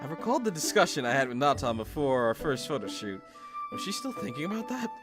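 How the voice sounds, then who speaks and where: Animated man narrating a visual novel. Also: fast. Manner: animated, laughs at himself, drops low for narration. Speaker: gamer reading a visual novel aloud. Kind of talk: playthrough narration with joking commentary. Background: game music.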